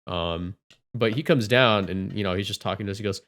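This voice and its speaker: A man co-hosting a casual podcast chat, telling stories with loud acted-out quotes. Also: fairly low pitch, fairly quick. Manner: animated storyteller, acts out quotes loudly. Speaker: podcast co-host.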